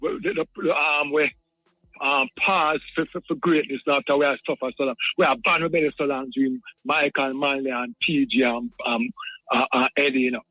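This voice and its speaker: A man's voice: medium pitch, fairly even intonation, normal speed, no echo, lo-fi sound. A man with a Jamaican accent calling in to a radio talk show, rambling in patois and often repeating his words. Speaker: caller.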